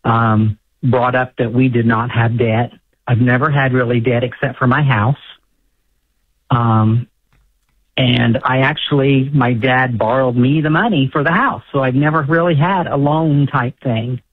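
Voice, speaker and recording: A man in his sixties calling in to a radio show, agreeable and halting as he talks. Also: medium pitch, steady tone, husky, no room sound. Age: 60s. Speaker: caller. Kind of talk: call-in radio conversation. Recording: phone-line caller audio.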